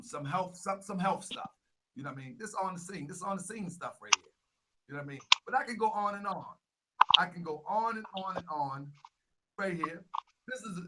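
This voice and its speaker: A young man hosting a casual vlog, talking through a set of photos. He repeats himself a lot and grows louder and more animated as he gets worked up. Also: high voice, very noisy. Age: young adult. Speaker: Grand Sheik and channel host.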